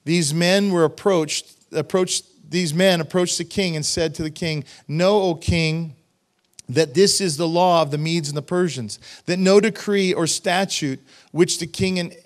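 Middle-aged male pastor, slightly high voice, emphatic verse-by-verse preaching with casual asides to the congregation. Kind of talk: expository sermon reading scripture with commentary. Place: church sanctuary.

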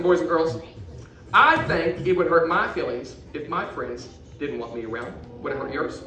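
Man, children's ventriloquist, animated storyteller, echoey hall, music behind. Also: on the high side, moderate pace, far from the mic. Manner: animated storytelling, talks to a silent puppet. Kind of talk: puppet show for children.

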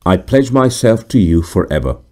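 An earnest young student of a vintage horror story pleads with passion and rising feeling, as a male narrator puts him on. The voice sits low and mellow but swings widely in pitch. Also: sing-song, normal speed. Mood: tender. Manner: impassioned pleading.

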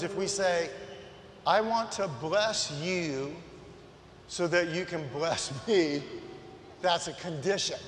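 A man preaching a sermon as a guest preacher, passionate and swinging from soft, slow lines to loud, shouted ones. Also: high-pitched, a little hiss or hum. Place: large church sanctuary. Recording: echoey church hall.

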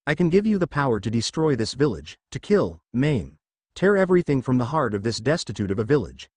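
A man's voice: medium pitch, big pitch swings, a little fast, a little mellow, slightly rough, no room sound. A man voicing a huge caged male fox demon who taunts in a creepy way, read from a fan fiction story. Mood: taunting.

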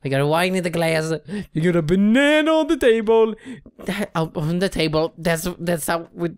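A woman giving gameplay commentary, excitable, shrieking and swearing often. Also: on the low side, normal speed, clean tone. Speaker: let's play gamer.

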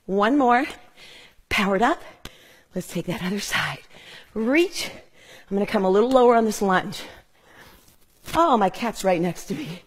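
A woman's voice: medium pitch, slightly rough. A middle-aged woman leading a live home workout as a fitness instructor, upbeat and breathing hard as she cues each move while exercising. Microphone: clip-on mic.

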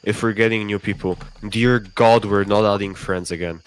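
A man's voice: fairly low pitch, steady tone, normal speed, clear, resonant tone, rough recording. A man in a casual gaming voice chat, pleading to be heard and defensive when blamed. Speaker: gaming group member.

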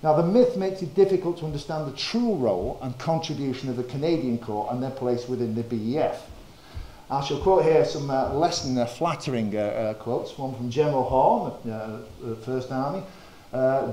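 A man's voice: medium pitch, lively intonation, dark tone. Northern English man lecturing, echoey hall. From northern England. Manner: measured, with frequent uh fillers and quoted passages. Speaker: history lecturer. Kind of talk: lecture presentation.

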